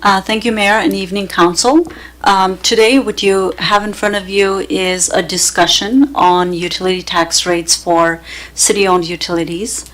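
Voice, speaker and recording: A woman's voice: mid-range voice, steady tone, normal speed, a bit bright, poor audio. A woman, a deputy city manager, presenting to a city council carefully with many fillers. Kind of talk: staff presentation at council meeting. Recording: government meeting broadcast.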